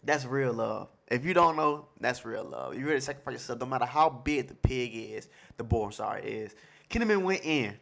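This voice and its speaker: A man of medium pitch hosts a live manga reaction, reading the panels aloud. He talks in a hyped, slangy way and keeps repeating the lines that excite him. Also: fairly quick, gravelly. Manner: loose slangy casual talk. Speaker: manga reaction channel host.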